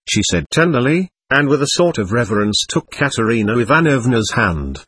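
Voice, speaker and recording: A man narrating a classic novel as an audiobook, measured and expressive. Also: mid-range voice, breathy edge, no echo. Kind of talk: scripted literary narration.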